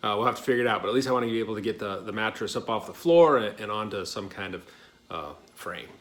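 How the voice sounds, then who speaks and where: A man's voice: fairly low pitch, animated, fast talker. Chatty middle-aged man in a garage. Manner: rambling, self-correcting, chatty. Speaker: home DIY vlogger. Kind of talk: casual workshop vlog. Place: home garage workshop.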